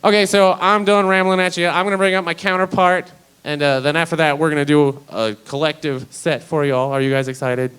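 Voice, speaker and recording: A man's voice: fairly high pitch, steady tone, fairly quick, fairly bright tone, smooth, low-quality recording. A man doing a stand-up comedy set, talking in a rambling, profane, conversational way.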